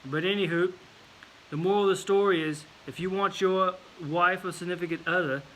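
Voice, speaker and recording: A man's voice: fairly high pitch, a bit bright, a little hiss or hum, low-quality recording. A man telling a casual story to camera in a put-on English accent, rambling with fillers and repeated words. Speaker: vlogger.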